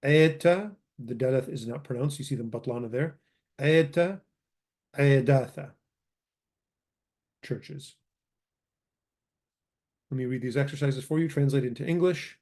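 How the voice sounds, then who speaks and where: A man's voice: mid-range voice, steady tone, normal speed, pauses often, dark tone. A man teaching a grammar lesson, explaining words patiently and often stopping to correct himself. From Chaldean community. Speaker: language teacher.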